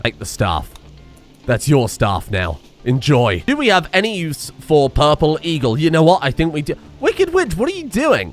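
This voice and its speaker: A man giving excitable, sarcastic commentary over a game, scolding the characters as he plays. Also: a little high. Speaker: streamer.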